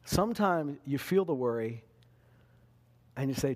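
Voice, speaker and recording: A man preaching a sermon, talking straight to his listeners and jumping into panicked voices when he acts out a scene. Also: measured pace. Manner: animated, acts out panicked voices with big pitch swings. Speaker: pastor.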